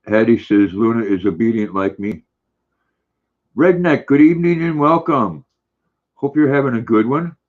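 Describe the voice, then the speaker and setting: An older man hosting a casual livestream, reading viewer comments aloud in a relaxed, friendly, chatty way. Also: medium pitch, normal speed, long pauses. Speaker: livestream host. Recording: dull lo-fi stream audio.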